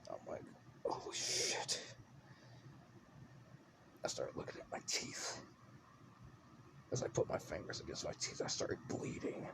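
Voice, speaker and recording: A man telling a made-up first-person horror story in a hushed, whispery way. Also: normal speed, background noise.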